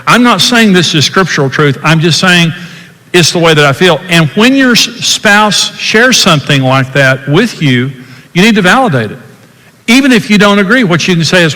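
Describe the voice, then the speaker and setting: A man's voice: fairly high pitch, bright, forceful tone. An older man hosting a podcast, teaching about marriage in an earnest, emphatic way. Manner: earnest, emphatic, acts out quoted dialogue. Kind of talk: teaching talk. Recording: long hall reverb.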